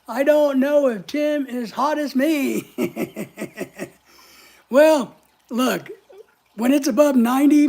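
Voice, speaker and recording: A man's voice: very high voice, gravelly, slightly rough. A man hosting a casual live stream from home, joking with viewers and greeting them by name as he reads their comments.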